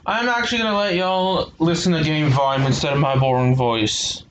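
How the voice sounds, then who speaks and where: A man's voice: on the high side, moderate pace, fairly bright tone. A man talking casually over gameplay as a YouTuber, rambling and hesitant, often correcting himself. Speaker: gaming YouTuber.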